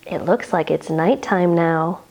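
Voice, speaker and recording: A woman leading a children's yoga storytime, guiding gently and playfully. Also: lowish voice, vocal fry. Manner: gentle, playful, slow sing-song guiding. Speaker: kids' yoga story teacher.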